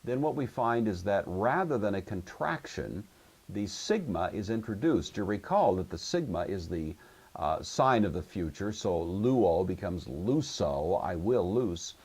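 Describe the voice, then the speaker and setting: A man with a low, slightly husky voice gives a patient grammar lecture. He walks through each rule step by step and stops to check that his listeners follow. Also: big pitch swings, unhurried, a little mellow. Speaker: Greek teacher. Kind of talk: recorded classroom lecture.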